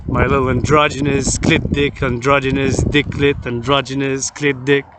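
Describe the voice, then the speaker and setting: A man's voice: mid-range voice, little pitch movement, moderate pace. A man telling a rambling story outdoors as a vlogger, repeating words and lists over and over. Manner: repetitive, lists things over and over. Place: outdoors near a street with passing vehicles. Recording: loud traffic noise outdoors.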